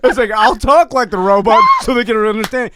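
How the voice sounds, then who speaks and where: A man's voice: sits high, steady tone, brisk, very noisy. A man co-hosting a casual chat, agreeable and full of "yeah, yeah". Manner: agreeable, many yeahs. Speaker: co-host.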